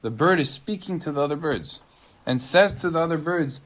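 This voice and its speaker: A man's voice: on the high side, expressive, moderate pace, a bit bright. A man, a rabbi, teaching a Torah class by telling a story in a conversational way. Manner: conversational, with fillers and restarts.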